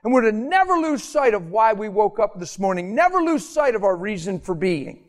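A man delivers a sermon in a high-pitched voice. He preaches with passion, climbing to emphatic peaks before dropping to soft, quiet pleading. Now and then he acts out the voices of the people he is describing. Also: sing-song, moderate pace. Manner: acts out quoted voices in conversational asides. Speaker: pastor.

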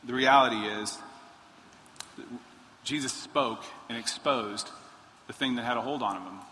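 A man preaching a sermon, animated, acting out quoted pleas in a raised voice. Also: mid-range voice, a little slow. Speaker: pastor. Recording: long hall reverb, faint noise.

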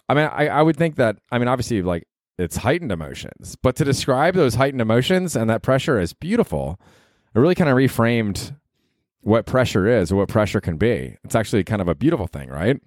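A man's voice: mid-range voice, dry recording, clean studio sound. A man in his thirties hosting a solo podcast, rambling casually, swearing freely and laughing at his own jokes. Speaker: podcast host.

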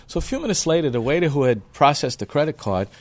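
Male chef guest, animated anecdote-teller who laughs a lot, dry recording. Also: on the high side, fast talker, no room sound. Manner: animated, acts out the people in his stories; laughs often. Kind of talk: storytelling in a podcast interview.

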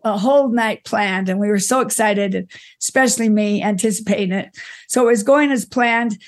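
A middle-aged woman, an interview guest, fondly telling stories about her father, often restarting her sentences and laughing softly. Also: mid-range voice. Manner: warm reminiscing with frequent restarts and soft laughs. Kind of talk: conversational storytelling.

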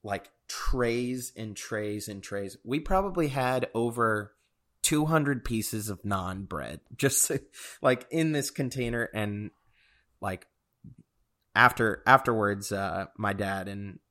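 Low-voiced man rambling through a story. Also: slow, sharp tone. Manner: rambling storyteller, many fillers, chuckles often. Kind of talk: casual chat.

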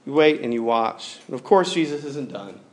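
A man in his thirties delivering a sermon that drifts into personal storytelling. He talks casually, with plenty of fillers and restarts, at an ordinary middle pitch. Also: lively intonation, normal speed. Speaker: pastor.

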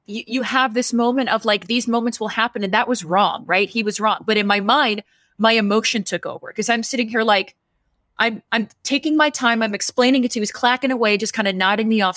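A woman's voice: fairly high pitch, a little fast, dry recording, clean studio sound. A woman in casual podcast talk, telling a story and acting out the dialogue with lots of energy. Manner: animated, acts out quoted dialogue.

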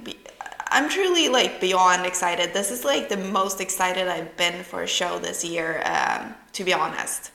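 A woman with a Swedish accent, a non-native English speaker, hosting her own podcast in a bubbly, excitable way with lots of fillers. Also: medium pitch, gravelly, echoey room, low-quality recording. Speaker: podcast host. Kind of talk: casual podcast talk.

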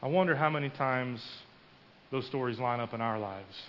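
A man's voice: medium pitch, moderate pace, slight background noise. A man preaching a sermon in a church, telling a story and acting out the quoted voices with rising emphasis. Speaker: pastor. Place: church sanctuary. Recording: muffled with long hall reverb.

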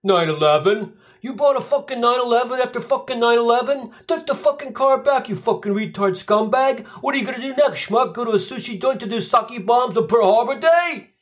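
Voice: mid-range voice, animated, fairly quick, pitched above the performer's own voice, lightly acted. A comedian voicing a rude, foul-mouthed New Yorker man, hurling insults. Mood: scornful. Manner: shouting insults, swearing.

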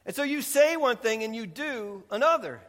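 A man, a pastor, preaching a sermon with animated, conversational delivery, voicing God in quips. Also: very high voice, normal speed. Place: church sanctuary. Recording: long reverb of a large hall.

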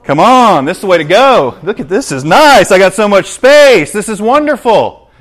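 A man's voice: high voice, big pitch swings, moderate pace, a bit bright, voice pushed up. A man voicing the eager coaxing world. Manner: coaxing, raised and enthusiastic.

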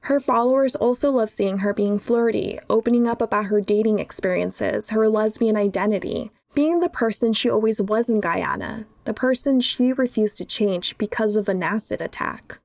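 A woman narrating a documentary and putting interview questions in a measured way. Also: mid-range voice, gravelly, darkish tone.

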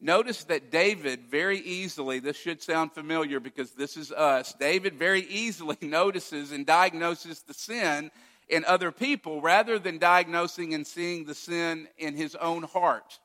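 Bright-voiced preacher man in a reverberant hall. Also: a little high, moderate pace. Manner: storytelling preacher, acting out quoted lines. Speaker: pastor. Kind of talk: sermon.

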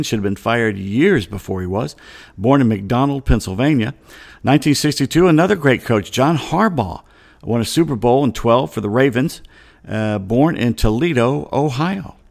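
A man's voice: medium pitch, creaky, darkish tone. Chatty man hosting a sports talk show. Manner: conversational, digressive asides. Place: Atlanta studio.

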